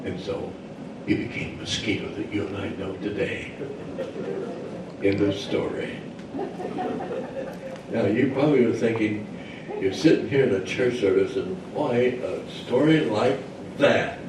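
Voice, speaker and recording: Low-voiced man telling a legend in church. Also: measured pace, pauses often, background noise. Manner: folksy and digressive, many uh fillers. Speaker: church speaker. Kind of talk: sermon storytelling. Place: church service. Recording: very echoey church hall, mic far off.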